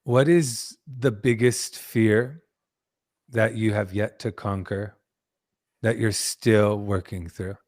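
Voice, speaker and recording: A man hosting a podcast, speaking in slow, earnest spiritual musings. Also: fairly low pitch, fairly even intonation, darkish tone. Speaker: host.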